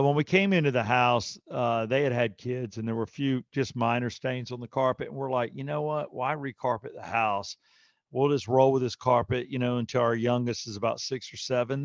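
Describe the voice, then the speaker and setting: Gravelly and edged with vocal fry, this middle-aged man's medium-pitched voice drives a casual podcast story as he acts out each character's quotes. The sound is close-miked, dry and a bit dull, with no room ambience.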